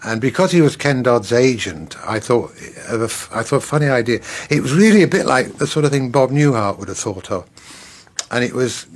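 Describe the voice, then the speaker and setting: Man, husky, anecdotal, documentary interview. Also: mid-range voice, expressive, fairly quick. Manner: anecdotal, reminiscing. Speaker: impressionist recalling his career.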